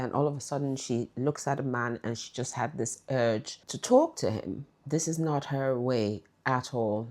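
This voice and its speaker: Very deep-voiced woman telling a story. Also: a little mellow. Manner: chatty, addresses viewers directly. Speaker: vlog storyteller. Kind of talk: casual storytelling to camera.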